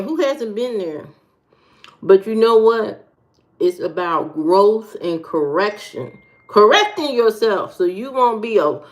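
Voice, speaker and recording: Woman livestreamer, slow comic rants, somewhat high voice. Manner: comic rants, greets viewers by name, repeats words. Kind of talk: casual livestream chat.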